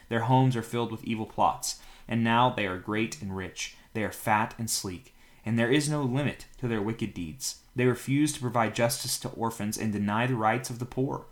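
A man hosting a Bible reading podcast, reading scripture aloud at a steady pace and now and then stumbling over a word and correcting himself. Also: mid-range voice.

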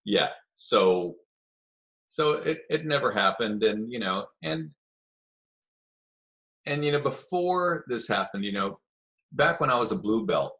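A middle-aged man telling a story in a relaxed, chatty way, acting out the voices of the people in it. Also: mid-range voice, unhurried, long pauses. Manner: animated storyteller, acts out quoted voices. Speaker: guest telling stories of early jiu-jitsu. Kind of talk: casual storytelling.

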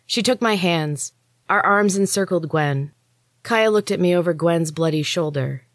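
A woman storyteller and author giving a steady, expressive first-person audiobook reading into a close mic. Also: sits low, measured pace, dry recording. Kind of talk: scripted audiobook narration.

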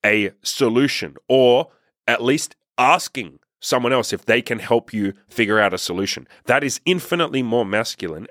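A man's voice: on the low side, a bit bright, no room sound, clean studio sound. A young man hosting a podcast, giving a blunt, emphatic motivational monologue with casual swearing. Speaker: podcast host.

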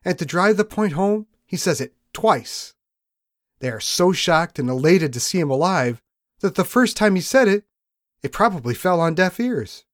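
Lively, expressive male preacher. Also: high-pitched, no room sound, studio quality. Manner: reads scripture slowly, then preaches with rising emphasis. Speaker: pastor. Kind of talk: sermon.

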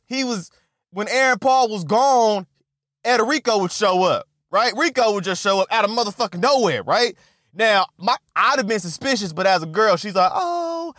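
A man retelling a film plot in casual, profane, animated talk, often stammering and repeating himself. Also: high-pitched, dry recording, clean studio sound. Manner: animated, repetitive, swears constantly, stammers on restarts. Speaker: movie recap vlogger.

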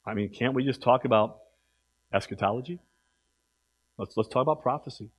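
An eager churchman pleads again and again for deeper lessons, as a preacher puts him on. The voice drops low and soft, well under the speaker's usual pitch. The words come out restless and insistent. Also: fairly quick, husky, natural voice. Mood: eager pleading. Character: eager adult male churchgoer begging for deeper teaching.

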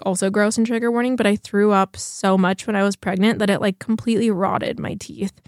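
A chatty woman talks casually to her viewers, rambling through her stories with plenty of "like" fillers. Her voice is mid-pitched and sounds close and dry, with no room around it. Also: no room sound. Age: 30s. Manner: chatty, rambling, heavy use of "like". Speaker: vlogger.

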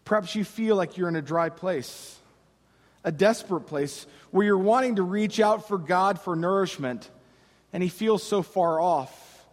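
A man preaching a sermon as pastor, with slow dramatic pauses and impassioned cries. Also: high voice, in a large hall.

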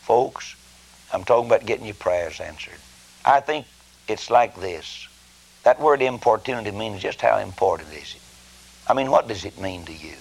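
Male preacher, low and gravelly, folksy and emphatic sermon delivery. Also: lively intonation, moderate pace, poor audio. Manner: folksy, rambling, emphatic with many "I mean" asides.

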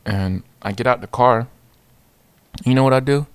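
A young man telling a personal story in a casual, slangy, animated way, repeating phrases. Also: mid-range voice, moderate pace, clean tone, no room sound.

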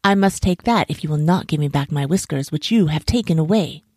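A woman's voice: low-pitched, brisk, dark tone, slightly rough, no echo, studio quality. A woman voicing a greedy, grumbling male monkey who squeals his demands and puts on false politeness. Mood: angry.

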